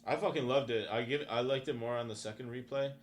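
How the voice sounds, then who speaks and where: A man's voice: mid-range voice, fairly even intonation, fast. A young man co-hosting a podcast, rambling in casual chat with lots of fillers and profanity. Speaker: podcast co-host.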